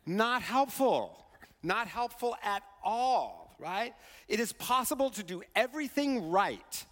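Pastor, male, high and expressive, chatty sermon delivery peppered with "right?", recorded in a reverberant hall. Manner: conversational, keeps asking "right?".

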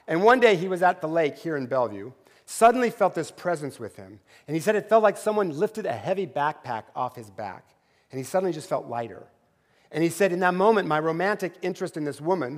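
A pastor with a fairly high voice tells stories from the pulpit and keeps checking in with the congregation. His voice carries a long reverb from the church sanctuary. He talks in a relaxed, chatty way. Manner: conversational storytelling with asides like "right?"; drops to a quiet, slow prayer voice. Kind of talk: sermon.

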